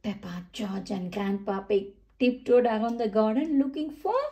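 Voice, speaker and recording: A woman reading a picture book aloud to children in a slow, sing-song manner. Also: fairly high pitch, lively intonation, warm tone. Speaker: storybook reader. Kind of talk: children's read-aloud narration.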